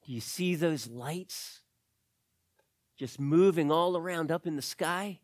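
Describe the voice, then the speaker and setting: A man's voice: a little high, slow pace, dry recording, studio quality. Man telling a story to kids. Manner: animated, addresses kids directly. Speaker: children's storyteller. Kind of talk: storytelling to children.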